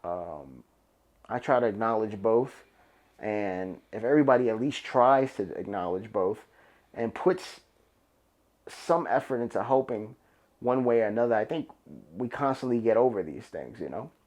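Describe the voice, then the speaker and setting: A man's voice: fairly low pitch, expressive, normal speed, darkish tone. A young man with a New York accent, hosting a solo podcast in a loose, rambling, profane, emphatic way. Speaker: podcast host. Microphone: camera and podcast mic.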